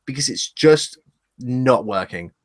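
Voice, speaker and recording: This podcast co-host speaks slowly in an expressive, mid-range voice. He rambles, speculates and laughs at himself while co-hosting a casual live discussion show over a webcam.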